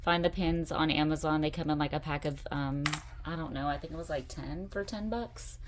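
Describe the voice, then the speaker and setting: A middle-aged woman with a lowish voice, chatty and enthusiastic as she hosts her own craft channel. She talks in a relaxed show-and-tell way, gushing about the details she shows. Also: moderate pace, background noise. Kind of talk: casual show-and-tell vlog.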